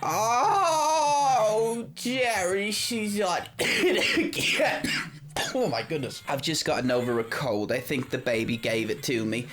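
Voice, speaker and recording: A man's voice: medium pitch, fairly quick, few pauses, fairly bright tone, a little hiss or hum, close to an everyday voice. A man doing a frazzled, boozy single mother. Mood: melodramatic. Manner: melodramatic, sarcastic, swings from mutters to shrieks. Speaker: gaming video host. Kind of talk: comedic let's-play role-play.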